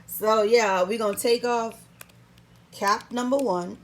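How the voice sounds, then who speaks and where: A woman's voice: on the high side, slow, a little hiss or hum. A woman talking through a how-to vlog in a playful, sassy, chatty way, recording herself at home on a camera stand. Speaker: vlogger.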